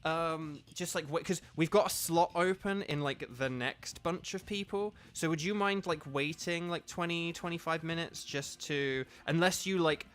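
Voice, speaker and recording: A man's voice: fairly high pitch, moderate pace, few pauses, fairly bright tone, clean tone. Chatty friendly man streaming with viewers. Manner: chatty, friendly, lots of fillers and restarts. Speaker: streamer and voice actor. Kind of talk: casual livestream chat with viewers. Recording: faint game music behind.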